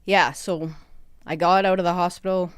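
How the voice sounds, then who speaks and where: A middle-aged woman, a podcast guest recounting a hard time in a halting, emotional way with many restarts. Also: fairly low pitch, steady tone, clear, resonant tone, no room sound, studio quality. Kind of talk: personal interview. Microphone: studio microphone.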